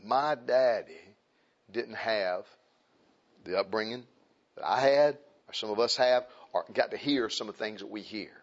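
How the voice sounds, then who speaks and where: A man preaching a conversational sermon, repeating phrases for emphasis and swinging between loud raised points and quiet, low asides. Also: a little slow. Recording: dull lo-fi recording.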